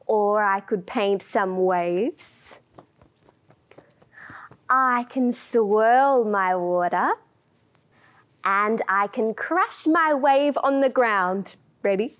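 A young woman leading a preschool music lesson, slow and encouraging, dropping to a whisper for the quiet parts. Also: mid-range voice.

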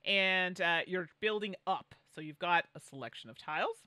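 A woman's voice: fairly low pitch, normal speed, sharp tone, clean tone, no echo. A woman from Canada co-hosting a podcast, chatting casually about board games and laughing often. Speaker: podcast co-host.

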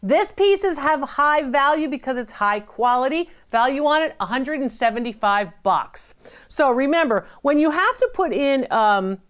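Middle-aged woman from the US, antiques appraiser, fairly high voice, emphatic and chatty, wanders into stories. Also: animated, normal speed. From United States. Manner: emphatic, chatty, digressive with anecdotes. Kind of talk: appraisal tips to camera.

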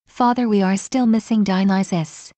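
Brief: woman reader voicing a smug curious goddess, mellow and dry. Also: medium pitch, fairly even intonation, moderate pace, no echo, natural voice. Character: smirking, curious female goddess of wisdom.

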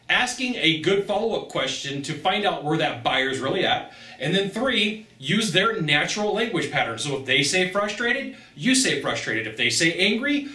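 Bright, energetic man coaching sales. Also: high-pitched. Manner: energetic, emphatic, acts out buyer-seller exchanges. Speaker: sales trainer. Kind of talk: direct-to-camera sales coaching. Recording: roomy sound, mic at a distance.

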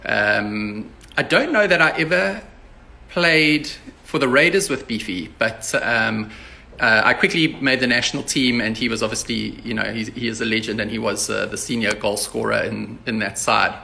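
A man's voice: mid-range voice, moderate pace, creaky, bright, forceful tone, a little hiss or hum. A man hosting a casual interview over a video call, chatty and teasing in his banter. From South Africa. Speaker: host.

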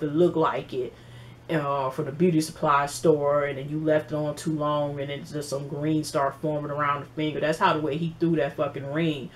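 Animated, profane woman recapping reality TV. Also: low voice. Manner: animated, profane, mimics people she quotes. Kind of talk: casual episode recap.

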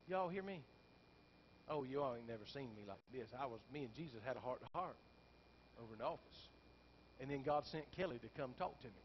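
Animated preacher with a high voice. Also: male voice. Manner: animated, climbing into shouted peaks, folksy asides to the congregation. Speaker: pastor. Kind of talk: storytelling sermon. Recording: dull lo-fi sound with faint background noise.

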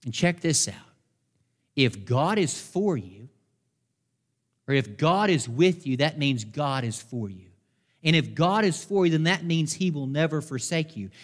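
A man preaching a sermon as pastor, fervent, slowing down to stress key words. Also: a little high, animated. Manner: fervent, slows down for emphasis. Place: church sanctuary. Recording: long hall reverb in a church.

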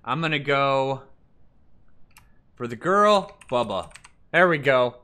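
A man's voice: medium pitch, expressive, slow pace, pushed and bright, clean tone. A man casually commenting on a survival game while picking options and reading the screen text aloud. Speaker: let's play gamer.

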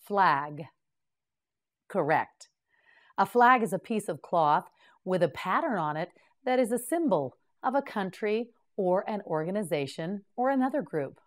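Woman, scripted vocabulary lesson, very slow, clear and encouraging; says a word, waits, then gives brief praise. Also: fairly low pitch. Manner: models each word, then pauses for the learner to repeat; clear, careful enunciation with short encouraging praise. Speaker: English vocabulary teacher.

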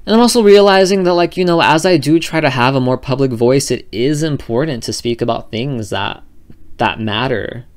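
A man vlogging about fashion to camera, chatty and dramatic, filling his talk with "like" and "you know". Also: mid-range voice. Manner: gushing, dramatic, filler-heavy with constant "like". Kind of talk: casual chat to camera.

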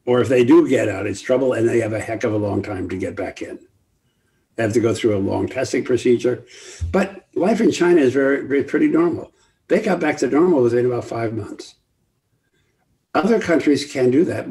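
An older man speaking as a guest expert on an online panel call, emphatic and lively, often acting out quoted voices. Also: medium pitch. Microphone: video call.

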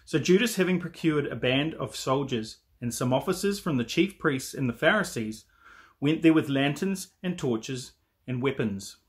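A man reading a Bible passage aloud in a church service, steady and even. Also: medium pitch, normal speed. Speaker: scripture reader.

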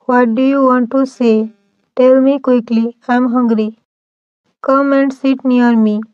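A woman voicing a cold, possessive young mafia man who gives curt orders, in a flat storybook reading. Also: high voice, unhurried, clear, resonant tone, no room sound, dull audio.

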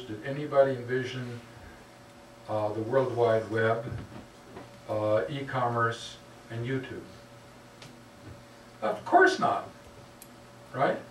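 A man giving a public lecture in a lecture hall, putting questions to the audience with a wry manner. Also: medium pitch. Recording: roomy hall from a distance, faint hum.

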